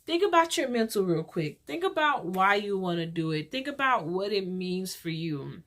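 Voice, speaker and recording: A woman in her twenties hosting a casual vlog, chatty and rambling, telling stories in a lively way. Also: mid-range voice, moderate pace. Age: 20s. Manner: chatty, rambling, lively storytelling with church talk. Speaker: vlog host.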